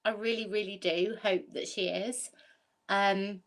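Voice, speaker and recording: A woman's voice: mid-range voice, steady tone, measured pace. A woman hosting a livestream chat, talking candidly, laughing often and repeating herself for emphasis. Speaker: livestream host. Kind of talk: casual chat.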